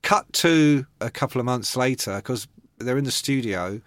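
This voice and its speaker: A man's voice: mid-range voice, animated, normal speed, a bit bright, no echo. A man co-hosting a music podcast, telling wry anecdotes in casual chat. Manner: wry, anecdotal, slips into voices for impressions. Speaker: podcast co-host.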